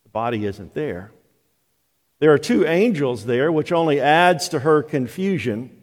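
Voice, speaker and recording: An older man preaching a sermon as pastor, telling the story slowly and deliberately. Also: a little high, lively intonation. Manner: slow, deliberate storytelling delivery. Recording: long hall reverb of a church.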